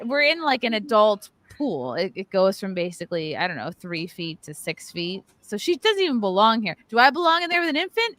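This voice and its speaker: Animated, profane woman telling a story. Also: medium pitch, dry recording. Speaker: podcast host. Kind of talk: casual podcast chat.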